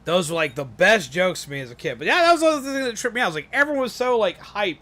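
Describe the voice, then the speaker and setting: A man streaming a game, telling a joke in a casual, animated way that swings from loud to mumbled. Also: sits high, racing.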